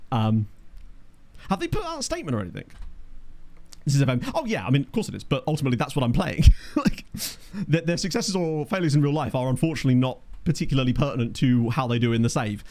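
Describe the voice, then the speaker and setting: A medium-pitched man with a darkish tone does relaxed gameplay commentary as a let's play host, musing aloud and responding to viewer questions from chat. He's set up in a home office with a desktop USB condenser mic.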